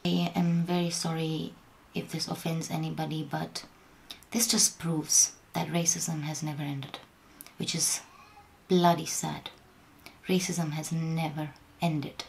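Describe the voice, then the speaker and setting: Earnest low-pitched woman, gravelly edge. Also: little pitch movement, a little slow, slight background noise. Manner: earnest, pleading, with hushed whispered stretches. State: voice shaking. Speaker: vlogger. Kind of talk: impassioned direct-to-camera appeal.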